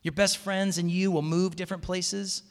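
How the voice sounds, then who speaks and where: Guy from seattle giving a chatty sermon to college kids, higher voice, lots of restarts, big echoey hall. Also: moderate pace, vocal fry. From Seattle area, USA. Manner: animated storytelling, frequent restarts. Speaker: campus minister speaking to students. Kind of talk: conversational sermon talk. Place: large hall with live audience. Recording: long hall reverb.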